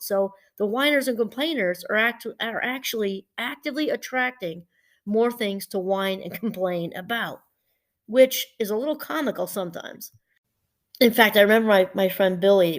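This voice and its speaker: Chatty, digressive woman professor talking casually. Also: mid-range voice. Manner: chatty and digressive, with frequent restarts. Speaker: professor and podcast host. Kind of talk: casual teaching monologue.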